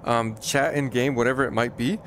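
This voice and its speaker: Man streaming a flight game, casual self-deprecating banter, mid pitch, headset mic, faint jet noise behind. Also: fairly even intonation, brisk, fairly bright tone. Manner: chatty, self-deprecating, talks to viewers. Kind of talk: casual live gameplay commentary.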